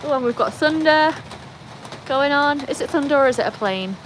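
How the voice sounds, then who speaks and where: A British woman with a fairly high voice hosts a relaxed livestream from under a tin veranda roof while rain falls. She chats easily, reads out her viewers' comments and calls to her dogs. Faint background noise sits under her voice. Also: moderate pace, poor audio. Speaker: livestream host. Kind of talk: casual livestream chat. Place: covered tin-roofed veranda during rain.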